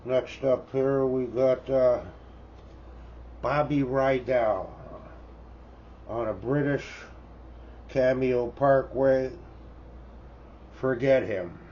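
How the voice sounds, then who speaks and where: An older Canadian man in his seventies talks slowly and folksily, wandering off on asides and tacking "eh?" onto his remarks. His voice comes through dull and lo-fi, with a faint hiss underneath. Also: medium pitch, fairly even intonation. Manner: rambling, folksy, tags remarks with "eh?". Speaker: record collector. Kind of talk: casual show-and-tell chat. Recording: dull lo-fi sound with faint background noise.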